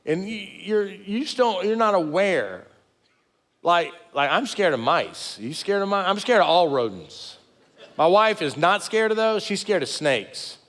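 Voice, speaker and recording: Animated middle-aged pastor preaching. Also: male voice, sits high, a little slow, in a large hall. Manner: animated, folksy and self-deprecating, acting out quoted lines. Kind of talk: sermon. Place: church sanctuary with multiple campuses.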